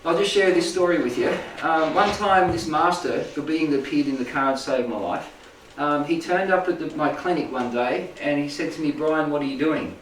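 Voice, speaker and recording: A man's voice: fairly high pitch, moderate pace, few pauses, slight background noise. Rambling man in an echoey room. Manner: rambling, checks in with "right?" and "make sense?". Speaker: spiritual healing teacher. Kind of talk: informal talk to a small group. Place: indoor room with a live audience. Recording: echoey room, mic at a distance.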